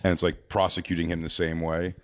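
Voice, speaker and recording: A man with a fairly low voice spins loose, animated stories in casual podcast banter. He keeps slipping into shrill put-on voices for the people he describes. The sound is close and dry, with no room around it. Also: fast, no echo. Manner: animated storyteller, jumps into high squealing voices for the people he quotes. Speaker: podcast co-host.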